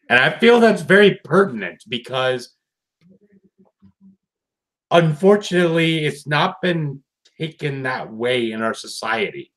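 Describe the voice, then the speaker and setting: A man chatting casually while reviewing a cartoon episode, acting out lines and swearing freely. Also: mid-range voice. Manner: animated, swears, acts out lines.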